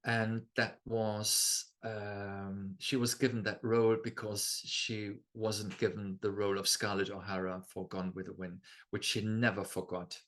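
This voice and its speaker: A man's voice: lowish voice, little pitch movement, unhurried, few pauses, fairly bright tone. A man with a German first language, giving a chatty lecture over slides, full of fillers and tag questions. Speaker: astrology lecturer. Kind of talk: casual presentation over slides.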